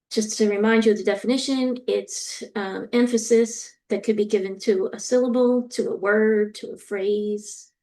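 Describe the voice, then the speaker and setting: Gravelly-voiced woman lecturing with ums. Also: mid-range voice, darkish tone. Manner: explanatory, frequent ums, demonstrates stress in example sentences. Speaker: university lecturer. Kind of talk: recorded lecture.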